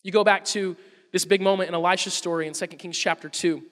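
A man preaching a sermon, telling the story in an animated way and acting out the quotes. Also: high-pitched, fast, big-room sound.

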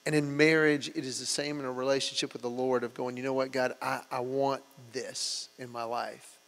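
A man's voice: medium pitch, normal speed. A man preaching a sermon, telling stories and acting out quotes as he goes. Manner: storytelling, with lively acted-out quotes. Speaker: pastor. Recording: hall reverb and mains hum.

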